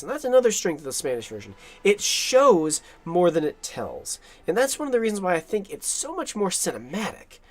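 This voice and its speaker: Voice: medium pitch, no room sound. A film commentator talking casually and enthusiastically over movie clips, chatty and often laughing.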